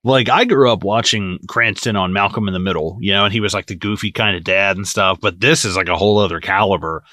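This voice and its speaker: A man's voice: lowish voice, quick pace, sharp tone, no echo, clean studio sound. A man co-hosting a podcast, chatting casually about a TV episode, swearing often and acting out his reactions. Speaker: podcast co-host. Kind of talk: casual chat recapping a TV episode.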